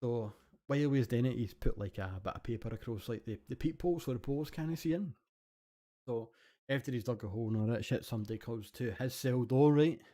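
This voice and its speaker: A man with a Scottish accent, co-hosting a podcast and telling animated stories full of swearing. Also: mid-range voice, a little fast. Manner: animated storytelling, heavy swearing. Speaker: podcast co-host. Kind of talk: casual chat.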